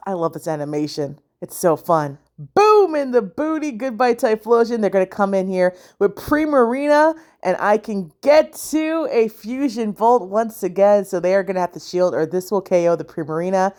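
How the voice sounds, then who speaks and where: A woman's voice: mid-range voice, a little mellow. A woman casually commentating her own video game battles, chatty and often unsure, thinking aloud with fillers. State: sleepy, yawning. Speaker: gaming channel host.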